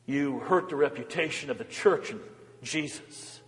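A man's voice: fairly high pitch, normal speed, long reverb tail. A male pastor preaching a sermon, exhorting his listeners with pointed rhetorical questions. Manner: rhetorical questions, exhorting, rising and falling intensity.

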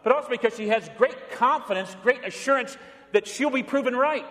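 A middle-aged man, a pastor, preaching a sermon with lively storytelling, swinging between bold and hushed delivery. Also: high-pitched. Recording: long hall reverb.

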